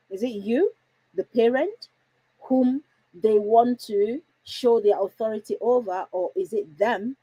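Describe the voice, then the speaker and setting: A woman's voice: a little high, mellow, slightly rough, dry recording, poor audio. A woman hosting a parenting livestream from home, chatty and reassuring, often putting questions to her viewers. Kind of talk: casual livestream talk.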